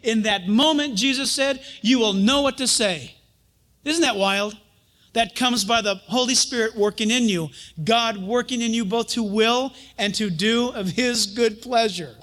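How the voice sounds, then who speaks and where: High-voiced man preaching with chuckles. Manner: animated storytelling, chuckles often, acts out quotes. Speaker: pastor and Bible teacher. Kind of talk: sermon.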